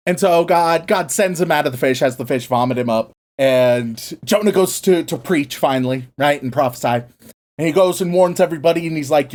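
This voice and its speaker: A man co-hosting a podcast, casually retelling a story with lots of swearing and quick acted-out asides. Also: a little high, a little mellow. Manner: profane, playful, acts out characters in quick asides. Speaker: podcast co-host.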